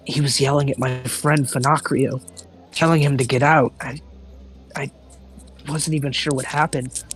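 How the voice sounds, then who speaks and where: Stammering man playing a nervous character. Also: on the high side. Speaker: tabletop player. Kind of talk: in-character tabletop role-play.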